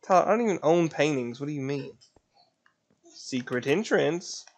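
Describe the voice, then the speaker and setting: A man streaming a block-building game, joking loudly, swearing and breaking into panicked yells. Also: a little high, animated, normal speed. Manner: loud, joking, swearing, bursts into panicked yelling. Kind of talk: casual gaming chat.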